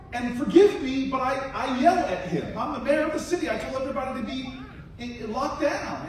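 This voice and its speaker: A man giving a rousing political speech at a rally, telling a story that swings from hushed to shouted calls to the crowd. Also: very high-pitched, distant mic, slight background noise. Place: large university hall with a crowd. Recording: echoey hall, mic heard from afar.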